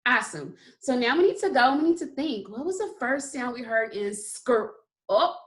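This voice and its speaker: Her voice sits a little high and is expressive and somewhat bright, moving at a normal speed. She's a kindergarten teacher giving a slow phonics lesson, patiently elongating sounds and offering plenty of praise.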